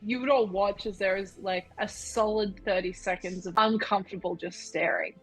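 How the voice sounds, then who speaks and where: A woman's voice: mid-range voice, moderate pace, slightly rough, soft background music, rough recording. Curt, sarcastic woman player. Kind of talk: in-character talk in a tabletop game.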